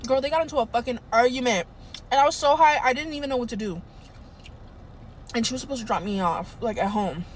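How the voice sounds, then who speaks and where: A young woman telling a casual storytime anecdote in a profane, animated way. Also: a little high, quick pace, pauses often, slight background noise. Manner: profane, animated, swears a lot.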